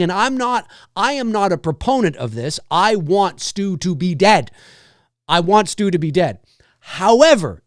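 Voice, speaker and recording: Animated high-voiced man hosting a talk show. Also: dry recording, studio quality. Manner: animated, swears, acts out excited reactions. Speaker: host of a horror film talk show. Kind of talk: casual solo commentary.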